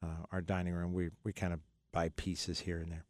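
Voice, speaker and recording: A man's voice: low-pitched, little pitch movement, brisk, a little mellow, no echo, clean studio sound. A middle-aged man hosting a call-in radio show about money, talking in a rambling, joking way with many fillers and restarts. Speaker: radio finance show host. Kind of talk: casual call-in radio talk.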